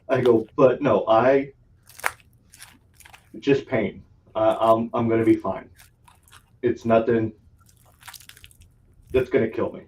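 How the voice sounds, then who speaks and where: A man's voice: on the low side, steady tone, slow pace, long pauses. A man hosting a podcast, telling a long story in casual chat, laughing often and swearing freely. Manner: laughs often, profane, rambling anecdote. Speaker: podcast host. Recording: distant, dull lo-fi sound.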